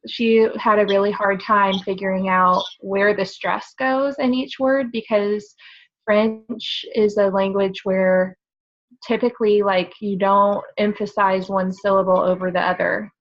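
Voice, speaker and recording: A woman's voice: medium pitch, steady tone, measured pace, dull audio. A woman from the United States, a student sharing a casual, chatty comment in a class discussion with many "like" fillers. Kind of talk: class discussion over video call. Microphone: video call.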